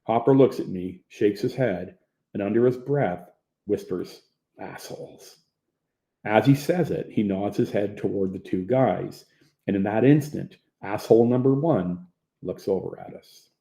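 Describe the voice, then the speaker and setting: A man narrating his own memoir as an audiobook in a plain, low-key manner. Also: normal speed, dark tone. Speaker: author reading his own book.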